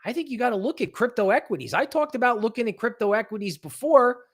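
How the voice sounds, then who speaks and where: Very high-pitched and fast with lively intonation, this man hosts a crypto market analysis livestream. He wanders conversationally, tacking "right?" onto his lines, and lampoons nervous traders by putting on exaggerated voices.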